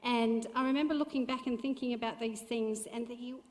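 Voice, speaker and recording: A woman's voice: fairly high pitch, fairly even intonation, brisk, darkish tone. A middle-aged woman sharing a heartfelt, chatty testimony from a church stage. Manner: chatty, heartfelt storytelling with fillers. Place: church auditorium. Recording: long reverb of a church hall.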